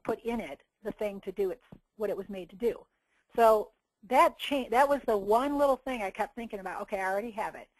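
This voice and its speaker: A woman's voice: mid-range voice, no room sound, low-quality recording. A woman giving a motivational coaching talk in an earnest, preachy way, acting out little quoted bits. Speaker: success coach.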